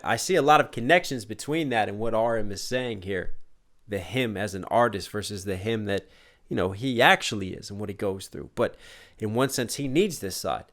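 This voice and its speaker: A man reacting to a music video as a rapper, thinking aloud in casual commentary that swings between musing and sudden excited outbursts, tired but animated. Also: lowish voice. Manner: thoughtful, breaks down lyrics, exclaims in bursts.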